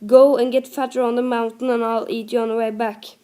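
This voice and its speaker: A woman's voice: fairly high pitch, level tone, fairly quick, mellow, natural voice. A woman reading aloud as a greedy troll who growls and grunts at the goats. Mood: growling. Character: ugly hungry troll, grumbling and greedy.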